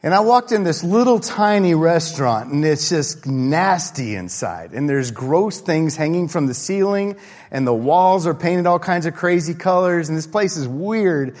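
Animated minister preaching in a reverberant hall. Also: male voice, on the high side, measured pace. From Austin, Texas. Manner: animated, conversational. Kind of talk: sermon with personal storytelling.

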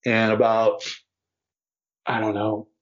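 A man's voice: lowish voice, slow pace, highs cut off. A man casually telling a story about his acting career, acting out the other people's lines. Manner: animated, acts out quotes of others.

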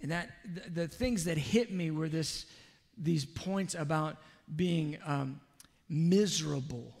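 A man's voice: a little high, slow pace, creaky, darkish tone, in a large hall. A man preaching a sermon in an earnest, conversational way, with casual asides and quoted lines. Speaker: pastor.

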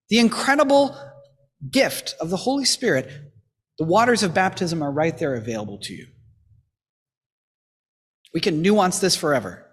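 A man delivers a sermon from the pulpit in a notably high voice, earnest and exhorting, now and then easing into a light aside. His words trail off into the long reverb of a church sanctuary. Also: a bit bright. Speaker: pastor.

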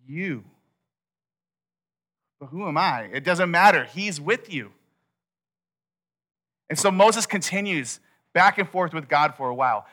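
A man preaching a sermon, retelling a story with animated asides and acted-out quotes. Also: fairly high pitch. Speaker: pastor.

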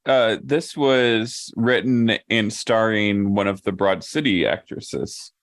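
Lowish-voiced guy cohosting a podcast, tosses quick questions, relaxed chat. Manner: asks quick prompting questions. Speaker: podcast co-host. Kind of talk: casual TV review chat.

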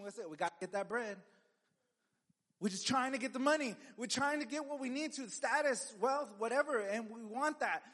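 A man's voice: high voice, fairly bright tone, in a large hall. A man preaching a sermon as a pastor, in a conversational way with joking asides and frequent restarts.

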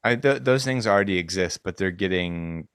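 A podcast co-host chats and rambles casually, restarting often. His low voice is clear, resonant and a bit bright at normal speed, in a dry, studio-quality recording.

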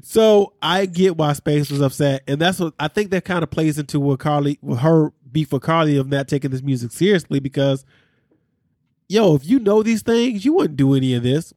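Man hosting a podcast, animated and candid, talking in a somewhat high voice with dry, close sound. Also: normal speed, no room sound. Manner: animated, candid, slangy with asides to listeners. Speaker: podcast host recapping reality TV. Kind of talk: casual chat.

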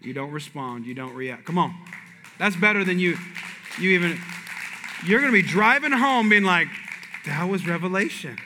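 A man preaching a sermon, animated and shifting from loud punches to hushed asides. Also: high-pitched, normal speed, pauses often, crowd noise, background noise. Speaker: pastor. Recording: reverberant hall.

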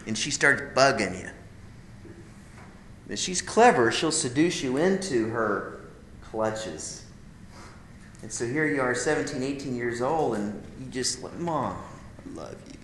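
A man's voice: medium pitch, expressive, a little slow, long pauses, a bit bright, reverberant, a little hiss or hum. A man teaching a live class of men conversationally, emphatic, calling them "guys" and asking rhetorical questions. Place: classroom or meeting room.

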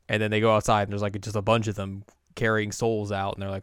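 A man recaps an anime in a loose, rambling way, like a co-host chatting with a friend. His voice is smooth and clear. The room sounds dry and close. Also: on the low side, monotone, fast talker, hardly any pauses, no echo. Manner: loose, rambling, laid-back. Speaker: podcast co-host. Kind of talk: casual chat recapping an anime.

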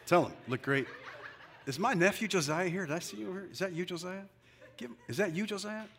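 A man preaching a lively sermon to his congregation, joking and calling on the crowd to respond, on a brightly lit church stage. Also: high-pitched, fast talker. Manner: energetic, joking, calls on the congregation. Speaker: pastor.

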